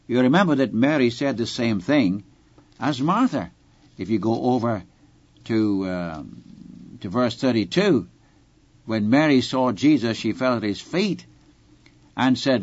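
A man's voice: medium pitch, breathy edge, no echo, muffled recording. A man preaching an expository sermon, reading scripture aloud and speaking earnestly and directly to his listeners. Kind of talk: Bible-teaching sermon.

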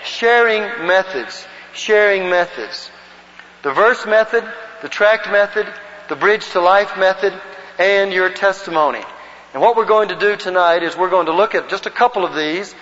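A man's voice: sits high, normal speed, a bit bright. A man from the Southern United States teaching an evangelism class at church, telling a personal story earnestly and leading the group in reciting verses. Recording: muffled recording in a long-reverb hall.

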